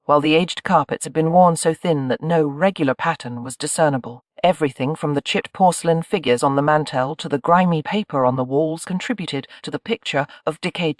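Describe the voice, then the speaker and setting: An audiobook narrator reading a historical romance in an even, measured way. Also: medium pitch, no echo, clean studio sound. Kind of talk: scripted narration.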